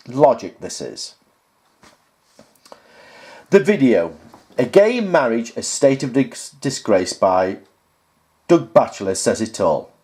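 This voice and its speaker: Talking to camera like a YouTuber, a man with a mid-range, slightly mellow voice reads out viewer comments. He pushes back on each one in turn, sounding sarcastic and exasperated in this casual piece.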